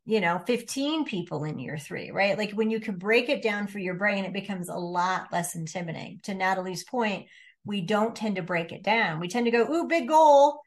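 A woman's voice: mid-range voice, moderate pace. A woman coaches a group over a video call. She talks in a middle register with lots of energy. She keeps slipping into playful quoted inner voices to make her points. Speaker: business coach leading a group session. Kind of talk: coaching workshop talk.

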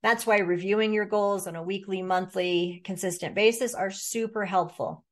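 A woman's voice: mid-range voice, fairly even intonation, normal speed. A woman leading a business coaching workshop over a video call. She talks with energy and keeps acting out inner voices as playful little quotes.

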